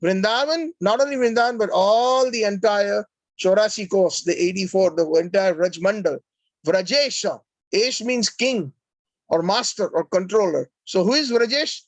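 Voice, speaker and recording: A man's voice: high voice, moderate pace, no echo. A man giving a devotional lecture, earnestly explaining Sanskrit terms with frequent "uh"s and repeated words. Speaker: devotional class speaker.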